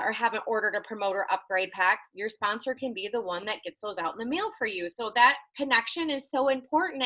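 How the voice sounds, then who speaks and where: A young woman leads a training session with lively enthusiasm. Her voice sits high and sounds bright and crisp, and she talks quickly. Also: rough recording. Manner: enthusiastic, animated, acts out quotes. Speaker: business trainer. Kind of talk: training talk.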